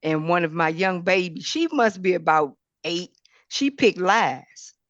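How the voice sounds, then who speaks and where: A woman's voice: fairly low pitch, expressive, measured pace, fairly bright tone, no echo, muffled recording. A woman speaking as a podcast guest, emphatic and preacherly, repeating her points with rising and falling emphasis. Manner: emphatic, repeats words, preacherly rise and fall. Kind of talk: impassioned talk.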